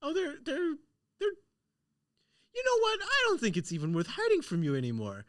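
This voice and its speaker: A man voicing a gleeful, mocking old female hag with a shrill, sing-song voice. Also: wildly swooping pitch, moderate pace, fairly bright tone, exaggerated voice.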